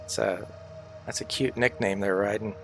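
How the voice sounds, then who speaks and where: A man's voice: fairly low pitch, fairly even intonation, moderate pace, vocal fry, fairly bright tone, faint music behind. A man chatting casually on a livestream, rambling and swearing freely, sounding tired and sick.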